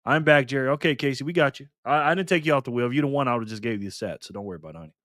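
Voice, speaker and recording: A man's voice: medium pitch, racing, a bit bright, no room sound, clean studio sound. A man hosting a casual live stream, cheerfully greeting viewers by name and chatting as he spins a prize wheel.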